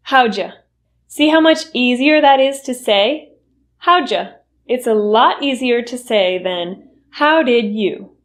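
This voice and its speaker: Slow, deliberate woman teacher. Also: a little high. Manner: slow, deliberate, models phrases for repetition. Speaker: English pronunciation teacher. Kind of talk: pronunciation lesson.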